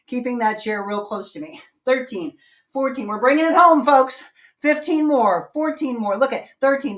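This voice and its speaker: A woman's voice: a little high, fairly bright tone. A woman hosting a live-streamed workout show, chatting with viewers and coaching exercises in an upbeat, chatty way. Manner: chatty, upbeat, laughs often, counts reps aloud. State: out of breath. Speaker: fitness show host.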